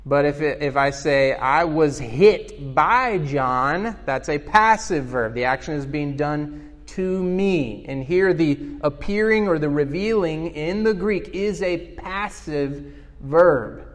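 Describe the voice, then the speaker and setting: A man's voice: fairly high pitch, a little slow, long reverb tail. A man preaching a sermon as pastor, earnest and explanatory, asking the congregation questions.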